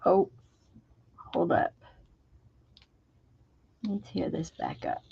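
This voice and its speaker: A craft video host talks through a crafting project in a casual vlog, chatting half to her viewers and half to herself and sometimes dropping into whispers. Her low, gravelly voice swoops wildly in pitch and moves very slowly. The audio is slightly dull and lo-fi.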